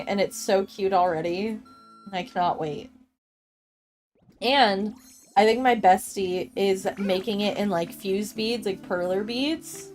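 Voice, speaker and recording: A woman in her thirties chatting casually with her chat while streaming a game, bubbly and quick to laugh. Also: mid-range voice. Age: 30s. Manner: giggly and bubbly, laughs often.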